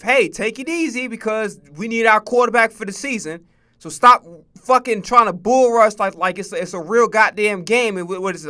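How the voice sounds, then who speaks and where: Bright, high-voiced male streamer. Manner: profane, laughing, stammering repeats. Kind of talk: casual sports reaction talk.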